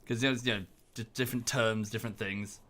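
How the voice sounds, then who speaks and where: A British man chatting casually while he streams a game, rambling with lots of fillers and jumping into high, exaggerated voices when he quotes people. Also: fairly even intonation, quick pace, sharp tone, a little hiss or hum. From United Kingdom.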